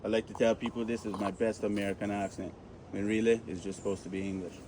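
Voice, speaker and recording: Caymanian male tour guide, joking and animated, outdoors, heard from a distance with faint noise. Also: on the low side, quick pace. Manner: joking, lively and animated, with local slang.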